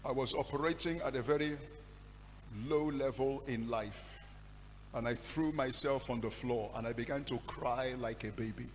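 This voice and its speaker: A man with a Nigerian English accent, preaching and telling his story with impassioned swings between hushed and loud delivery. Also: mid-range voice, normal speed, in a large hall, a little hiss or hum. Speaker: pastor. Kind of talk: sermon storytelling.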